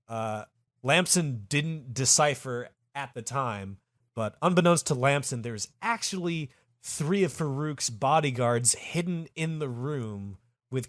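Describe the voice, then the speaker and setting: A man's voice: medium pitch, a bit bright, no room sound, clean studio sound. A man hosting a comedy podcast and telling a story in a profane, rambling way. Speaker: podcast host.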